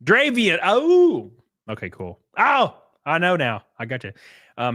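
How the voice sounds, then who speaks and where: A man's voice: sits high, wildly swooping pitch, measured pace, a bit bright, no room sound, studio quality. A young man casually chatting on a livestream, reading chat aloud with crude, rambling jokes.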